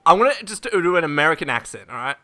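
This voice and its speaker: A man's voice: on the high side, big pitch swings, rapid-fire, bright, forceful tone, faint music behind. A man co-hosting a casual podcast, flustered and giggling often. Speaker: podcast co-host.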